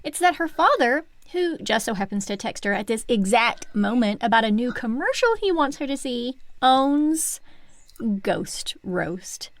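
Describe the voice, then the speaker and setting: A woman's voice: a little high, dry recording. Podcast co-host, woman; playful recap with whispered asides, dry close sound. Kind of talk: casual book podcast chat, reading a plot summary.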